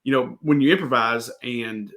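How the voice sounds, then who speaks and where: A male interview host with a mid-pitched, everyday voice talks eagerly, circling his points with many fillers. He sounds like a fan chatting with his guest. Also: normal speed, a bit bright. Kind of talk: casual interview chat.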